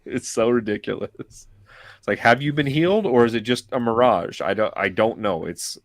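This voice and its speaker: A man talking as a guest in a casual chat, matter-of-fact and calm as he explains. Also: medium pitch, normal speed, no echo, studio quality. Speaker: podcast guest.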